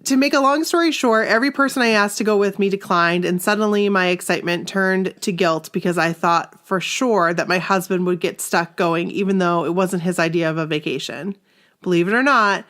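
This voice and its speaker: A woman co-hosting a podcast, reading listener stories aloud in a casual, animated way and often laughing. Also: fairly quick. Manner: animated, laughs often, jumps into high exclamations.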